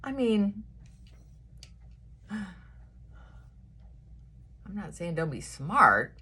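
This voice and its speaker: A woman's voice: medium pitch, big pitch swings, extremely slow, bright, forceful tone, breathy edge. A woman vlogging a casual morning chat, sassy and chatty, short on sleep and punchy, giving herself a pep talk.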